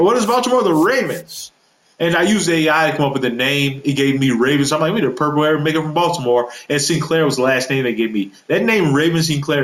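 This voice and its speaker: A man's voice: on the high side, a bit bright. Rambling gaming vlogger man, echoey room. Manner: rambling, loose, with many fillers and self-corrections. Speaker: gaming video creator. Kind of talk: casual roster walkthrough.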